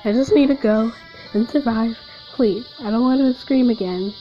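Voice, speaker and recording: A woman's voice: fairly high pitch, moderate pace, lo-fi sound, faint music behind. A woman giving nervous, jumpy, giggly commentary while playing a horror game. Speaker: gamer.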